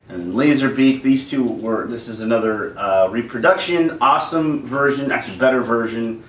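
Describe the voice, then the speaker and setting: A man chatting casually in an unboxing video, animated and joking, throwing in sound effects. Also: mid-range voice, moderate pace, few pauses, reverberant, recorded from a distance. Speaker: toy vlogger and comedian.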